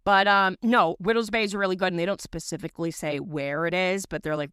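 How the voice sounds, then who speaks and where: A woman with a lowish, smooth voice co-hosts a podcast, recommending movies in animated, rambling stories. The recording is dry and close, with no room sound. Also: fast, no echo. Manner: animated storyteller, rambling asides. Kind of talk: casual podcast chat.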